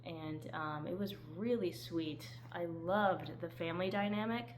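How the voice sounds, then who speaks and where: A woman's voice: fairly low pitch, unhurried, a little hiss or hum, rough recording. A woman chatting casually as she reviews the books she read, often laughing and acting out lines with sudden lifts in her voice. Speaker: book reviewer. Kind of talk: casual book review chat.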